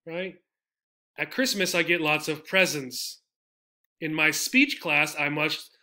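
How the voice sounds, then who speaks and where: A man teaching English pronunciation, saying example words slowly and repeating them with heavy stress. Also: fairly high pitch, steady tone, sharp tone. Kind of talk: slow, deliberate teaching.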